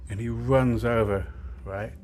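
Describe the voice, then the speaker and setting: A man's voice: mid-range voice, fairly even intonation, a little slow, a little mellow, a little hiss or hum. A young man telling a rambling, sweary story, with lots of filler words. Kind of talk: casual storytime monologue.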